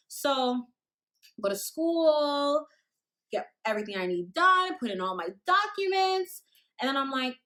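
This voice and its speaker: A young woman telling a casual storytime, animated and slangy, acting out what people said. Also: sits high, a little slow. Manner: animated, slangy, acts out quotes.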